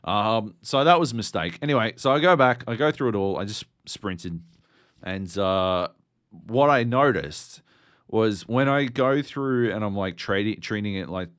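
A man talks casually as a podcast co-host, rambling and swearing freely, with lots of "uh" and "like." His voice sits fairly low. The sound is dry and close, with no room around it. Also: animated, measured pace, fairly bright tone, no room sound. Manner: rambling, profane, with many fillers.

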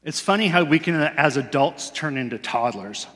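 A man's voice: a little high, expressive, normal speed, a bit bright. A man preaching a sermon in a church in a loose, conversational way, laughing at himself now and then. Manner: conversational, self-deprecating, laughs often. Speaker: pastor. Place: church sanctuary. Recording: long reverb of a large hall.

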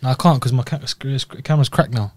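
A young man, chipping in with quick teasing remarks in casual podcast banter. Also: medium pitch, a little mellow, breathy edge, no echo. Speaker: podcast co-host.

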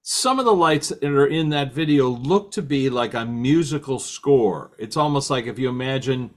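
A man's voice: mid-range voice, normal speed. A man hosting a casual interview, asking long questions and restating his guest's ideas. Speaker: host.

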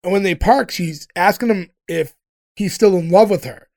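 A man with a notably high speaking voice walks through an episode scene by scene. He is chatty and breaks into laughter often. The talk is casual and unscripted. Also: moderate pace, vocal fry, darkish tone. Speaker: podcast host recapping a TV episode. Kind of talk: casual chat.

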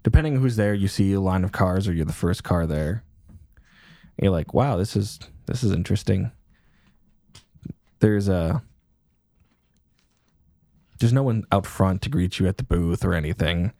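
A man's voice: sits low, normal speed, pauses often, mellow, no room sound. A man running a tabletop game as game master, narrating scenes with joking banter.

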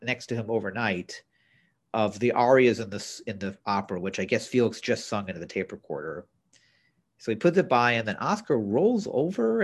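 Opinionated man with a lively voice. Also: fairly low pitch, vocal fry, breathy edge. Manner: opinionated, blunt, recaps scenes with asides. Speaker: podcast co-host. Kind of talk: casual chat recapping a TV episode.

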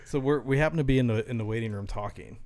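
A man telling a story in casual podcast chat, animated and laughing as he goes. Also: medium pitch, rapid-fire.

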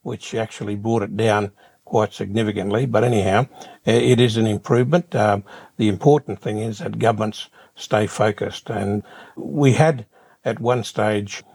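Gravelly older Australian man. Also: lowish voice, steady tone, darkish tone. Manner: measured, repeats words as he thinks. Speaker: interview guest. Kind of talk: reflective interview answers.

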